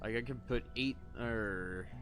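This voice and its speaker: A man's voice: medium pitch, measured pace, over music. A young man casually rambling through live gameplay commentary, laid-back and often chuckling, with the odd cough. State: coughing between lines. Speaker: gaming streamer.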